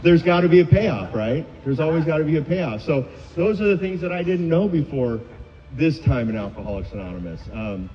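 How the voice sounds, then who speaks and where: At a recovery meeting, a middle-aged man shares his personal recovery story candidly and with self-mockery. His voice is on the high side, sing-song, and fairly quick, and the hall gives the recording a dull, echoey quality.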